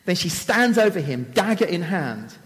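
A man retells a story in a fairly high voice that swoops up and down with drama. His words ring out with the long reverb of a large hall. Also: big pitch swings, normal speed. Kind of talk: storytelling talk.

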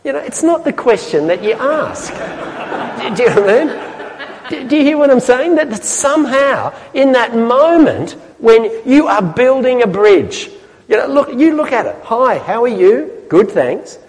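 A man preaching a sermon to a church audience in a chatty, lively way, often asking the listeners questions. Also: very high-pitched, normal speed, long reverb tail.

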